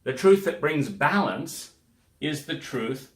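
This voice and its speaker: Speaking slowly and expressively in a fairly high-pitched voice, this podcast host offers a reflective self-help monologue. He goes through examples conversationally and with emphasis, performing the voices of people he quotes, all in an echoey room.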